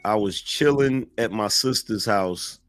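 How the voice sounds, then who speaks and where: A man being interviewed, telling stories in an easygoing way full of street slang. His voice sits somewhat low. The recording is dry and close, with no room echo. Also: unhurried, faint music behind. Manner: relaxed, slangy street talk. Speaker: interview guest, online commentator. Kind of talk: casual storytelling in an interview.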